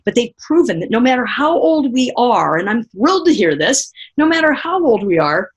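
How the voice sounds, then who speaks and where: A middle-aged woman speaker giving a motivational seminar talk, telling lively stories and asking the audience direct questions. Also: medium pitch, breathy edge. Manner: animated storytelling, acting out remembered voices.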